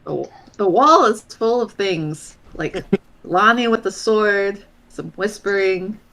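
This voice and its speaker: A woman's voice: medium pitch, takes it slowly, low-quality recording. A woman playing in a tabletop game, chatting casually and giggling often. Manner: giggly, animated. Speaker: player.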